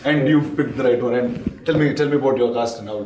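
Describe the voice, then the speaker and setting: Indian-accented male host, brisk questions, roomy distant sound. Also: medium pitch. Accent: Indian English. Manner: chatty, backchannels, mixes Telugu and English. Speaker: interviewer. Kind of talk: interview questions. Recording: echoey room, mic at a distance.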